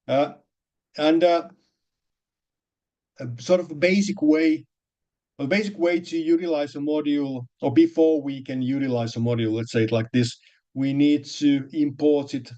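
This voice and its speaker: A male programming teacher who talks through his code haltingly, stopping to restart and fill pauses as he explains each step. His voice is mellow and unhurried. It comes through a somewhat dull, lo-fi recording. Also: fairly high pitch, steady tone. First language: Finnish. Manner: hesitant, many restarts and fillers, explains step by step. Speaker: programming lecturer.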